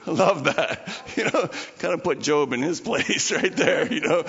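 Chatty pastor in an echoing hall. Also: male voice, on the high side, animated, measured pace, a bit bright. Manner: chatty, laughing asides to the congregation. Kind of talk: sermon. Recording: muffled sound with long hall reverb.

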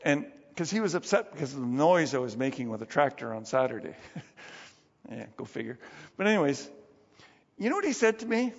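A man's voice: mid-range voice, sing-song, fairly quick, long pauses. A man preaching a conversational sermon as pastor, telling stories with chuckles and restarts. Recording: long reverb, dull lo-fi sound.

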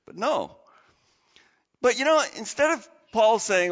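Animated, high-voiced male pastor preaching. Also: a little slow, big-room sound, highs cut off. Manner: animated and dramatic, asks the audience questions. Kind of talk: sermon.

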